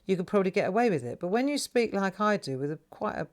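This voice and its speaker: A woman's voice: medium pitch, sing-song, fast. Chatty South London woman in her sixties. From England. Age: 60s. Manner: chatty and laughing, keeps adding "right?". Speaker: craft show host. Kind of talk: live craft stream chat. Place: home craft room.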